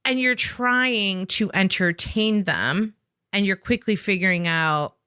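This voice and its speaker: This time her mid-range voice is slow, smooth and sharp in tone, recorded dry at studio quality. The woman, a sales trainer with an improv past, explains energetically and emphatically for a podcast, frequently finishing points with a questioning "right?"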